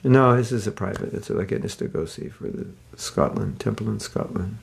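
A man's voice: on the low side, normal speed, vocal fry, slightly rough. A man giving a casual online scripture class as teacher, rambling and joking at his own expense. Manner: rambling, self-mocking humor. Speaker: spiritual teacher.

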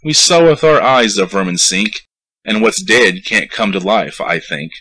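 A man's voice: on the low side, sing-song, a little slow, pushed and bright, full character voice, poor audio. A man reading a poem aloud, voicing a greedy, blustering town mayor who raises his voice to wheedle and scold. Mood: wheedling. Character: scheming greedy town mayor, male, middle-aged. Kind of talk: poetry recitation.

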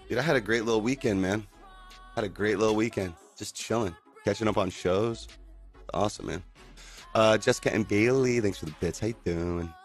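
A man in a casual livestream chat at home, greeting viewers in a laid-back, upbeat way and saying "dude" and "man" a lot. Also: on the low side. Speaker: livestreamer and band singer. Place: at home indoors.

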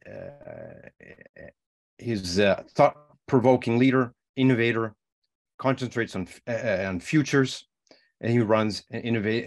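A man hosting and opening a talk event, welcoming guests in a formal but hesitant way with frequent fillers. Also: sits low. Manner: hesitant, with many uhs. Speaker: director of education, event host.

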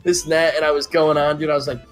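A young man in casual voice chat with friends, telling a rowdy story and breaking into shouted, laughing punchlines. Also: on the high side, flat delivery, fast, soft background music.

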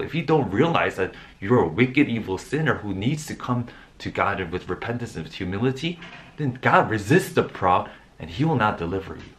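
A man giving an informal sermon, often restarting his words and rising into emphatic bursts. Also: lowish voice. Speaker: preacher.

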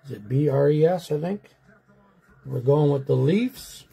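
A man's voice: fairly high pitch, animated, measured pace, creaky, warm tone, slightly rough. A man hosting a sports card break, chatting folksily to viewers as he rolls dice and calls out teams. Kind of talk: casual live card break commentary.

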